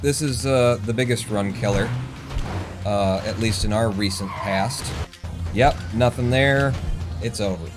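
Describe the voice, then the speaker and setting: A man's voice: on the low side, unhurried. A man streaming a speedrun, commenting on his play while swearing and talking to himself. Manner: swears often, mutters running self-talk. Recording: game music under voice.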